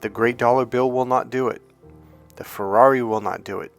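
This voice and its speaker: A man's voice: mid-range voice, steady tone, brisk, faint music behind. Emphatic, profane male dating coach. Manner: emphatic, profane, with lots of restarts and acted-out quotes. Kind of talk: sales pitch for a course.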